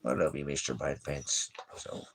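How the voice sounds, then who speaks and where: Gravelly low-voiced rambling preacher man. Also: little pitch movement, normal speed, a little hiss or hum. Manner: meandering, jokey, talks to his dog between points. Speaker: preacher of a small ministry. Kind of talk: rambling off-the-cuff livestream talk.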